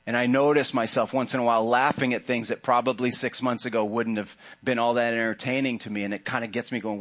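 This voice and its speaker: A man's voice: mid-range voice, level tone, fast, few pauses, a bit bright. Man preaching a casual sermon. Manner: conversational, joking asides to the congregation. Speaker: pastor. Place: church sanctuary.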